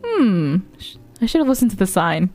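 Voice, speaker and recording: A woman's voice: medium pitch, big pitch swings, moderate pace, darkish tone, soft background music. A woman streamer chatting playfully while playing a game, giggling and gasping often and greeting her viewers. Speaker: variety streamer. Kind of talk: casual live-stream gameplay chat.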